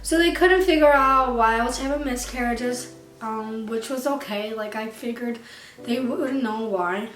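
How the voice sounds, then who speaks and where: Young woman, candid vlog storytelling, tearful at times, slightly high voice, roomy echo. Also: unhurried, a bit bright. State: crying at times. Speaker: vlogger. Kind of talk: personal storytelling to camera. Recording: echoey room, far from mic, faint music.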